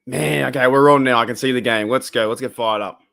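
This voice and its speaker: A man's voice: mid-range voice, brisk, creaky, fairly bright tone. Chatty Australian man hosting a live stream. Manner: chatty, rambling, reacts aloud to the game and laughs often. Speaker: livestream host of a football watch party. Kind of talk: casual live-stream chat.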